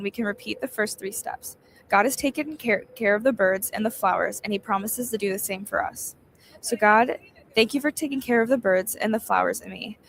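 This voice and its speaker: A woman's voice: mid-range voice, creaky, slight background noise. A young woman giving a casual devotional talk, chatty and storytelling, laughing often. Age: young adult. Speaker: devotional host.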